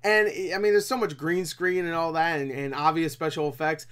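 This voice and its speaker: A man's voice: a little high, steady tone, normal speed, fairly bright tone, clean tone. A man with a slightly raised voice rambles through a casual film review. He swears freely, breaks into laughter and keeps tripping over his words and starting again. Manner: rambling, profane, laughs often; frequent restarts and stammers. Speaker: movie reviewer.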